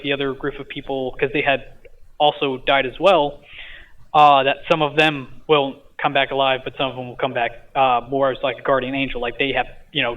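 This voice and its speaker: Hesitant man over a tinny phone line. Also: medium pitch. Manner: hesitant, many fillers, self-described stutter. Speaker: podcast guest. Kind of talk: casual retelling of a dream.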